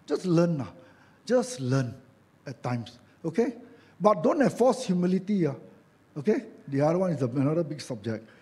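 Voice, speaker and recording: A man's voice: a little high, very animated, normal speed, mellow. A man with a Malaysian English accent preaching a sermon as a church elder, chatty and joking, acting out quoted voices and adding tag questions.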